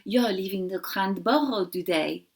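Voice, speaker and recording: A woman voicing a gentle grown female rabbit with a soft French accent, murmuring in a storybook reading. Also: mid-range voice, measured pace, natural voice. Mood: sleepy. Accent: French (put on). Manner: soft, murmuring, warm toward the bunny.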